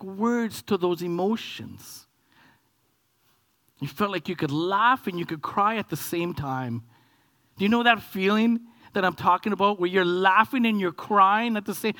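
A Canadian man in his forties delivers a sermon built around a childhood story, acting it out with animation. His voice drops to whispers and then rises into high, excited bursts.

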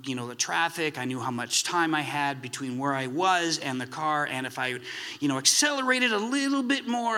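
A man's voice: fairly high pitch, pushed and bright. A man preaching a sermon in a chatty, self-deprecating storytelling way, with many restarts. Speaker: pastor.

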